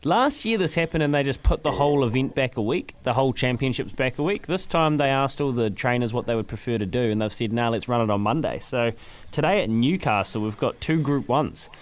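A man, co-hosting a casual sports podcast with lively, jokey banter. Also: mid-range voice, a little fast. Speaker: podcast co-host.

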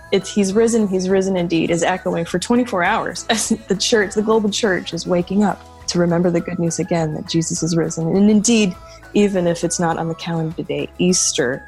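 A woman's voice: on the low side, gravelly, a little mellow. A woman being interviewed on a podcast in a chatty, casual way, still in her morning voice. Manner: chatty, laughs often, restarts words. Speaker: podcast guest. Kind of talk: casual conversation.

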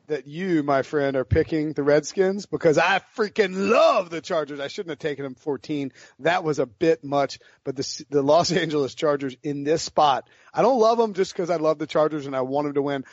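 Excitable man hosting a podcast. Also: fairly high pitch, normal speed, few pauses, no room sound. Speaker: podcast host. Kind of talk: casual sports betting chat. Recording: dry, slightly muffled podcast audio.

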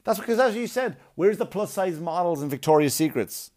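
A man's voice: high-pitched, lively intonation, brisk, darkish tone. A man on a blunt, profane comic rant, arguing and mocking as he goes. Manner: blunt, swearing, argumentative, mocking.

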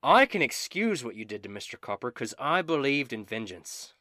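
A man's voice: mid-range voice, big pitch swings, normal speed, pushed and bright, no echo, clean studio sound. A man voicing a furious, betrayed young male brawler who swears and accuses as he speaks.

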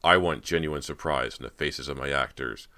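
A man reading a smooth, menacing male film director in an audiobook, persuasive and eagerly excited by turns. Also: extremely low pitch, moderate pace, heavily acted.

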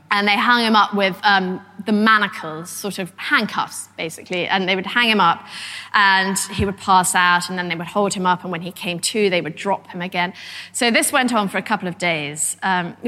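A woman historian giving a lively public lecture, telling stories with animation. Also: medium pitch. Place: lecture hall. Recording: reverberant lecture hall.

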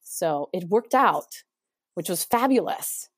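A woman's voice: on the low side, lively intonation, takes it slowly, slightly rough, no room sound, clean studio sound. A woman in her thirties from Mexico, earnestly telling a personal story as a podcast guest, with many restarts.

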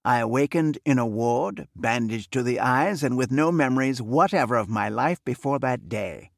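A man reading the part of a wealthy, reserved middle-aged man who speaks in a measured, formal way. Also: medium pitch, animated, vocal fry, no room sound, studio quality. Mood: earnest. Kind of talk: audiobook character reading.

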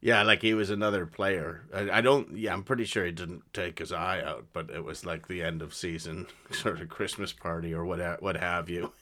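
A male comedy podcast co-host with a deep, forceful voice. He wanders through anecdotes in easy, loose chat with plenty of fillers. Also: steady tone, normal speed, few pauses. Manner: rambling, with frequent fillers and chuckles.

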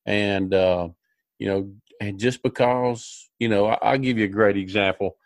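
A man's voice: fairly low pitch, fairly even intonation, unhurried, dry recording. A man hosting a podcast, telling a rambling, folksy story with many fillers and restarts. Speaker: podcast host. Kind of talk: casual storytelling chat.

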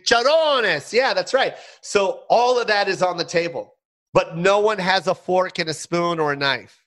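A middle-aged man, a guest on an interview show, telling stories in an animated way with playful mock outrage. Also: high-pitched, normal speed. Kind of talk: casual interview chat.

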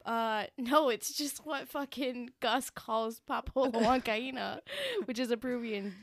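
A woman co-hosting a podcast, trading crude, quick-witted banter in casual chat. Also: on the high side, steady tone. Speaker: podcast co-host.

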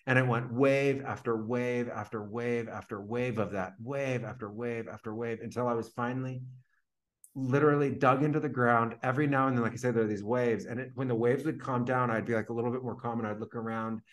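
With a medium pitch, steady tone, and fairly quick pace, a podcast guest shares a casual story. He retells it vividly, leaning heavily on "like" as a filler.

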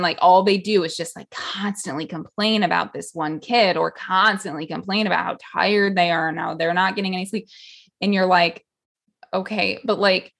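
A woman in her thirties co-hosts a relaxed podcast. Her voice sits at an ordinary middle pitch. She rambles as she thinks, with many "like" fillers. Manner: rambling, heavy use of "like" fillers. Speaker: podcast co-host. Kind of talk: casual podcast chat.

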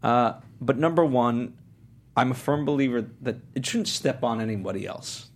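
A man's voice: mid-range voice, expressive, normal speed. A man in a casual film discussion, giving emphatic opinions and counting off his points one by one.

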